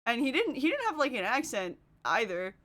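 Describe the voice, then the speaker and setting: A woman's voice: on the high side, wildly swooping pitch, fairly quick, fairly bright tone. A woman streaming casually while doing her makeup, chatting, laughing often and answering her chat. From Canada. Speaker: livestreamer.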